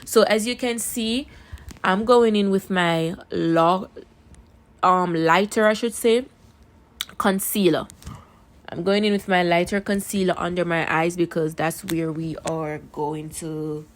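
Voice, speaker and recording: This makeup vlogger has a Jamaican accent and a lowish, steady voice, speaking at a measured pace. She walks through her tutorial casually into a phone camera, chatty and repeating words for emphasis.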